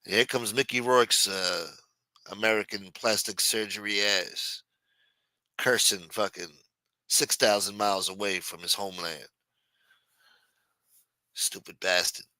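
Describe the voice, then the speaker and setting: A man's voice: fairly low pitch, takes it slowly, pauses often, bright, forceful tone, no room sound, low-quality recording. Brash, profane New man. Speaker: livestream host. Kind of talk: casual news commentary on a stream. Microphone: streaming mic.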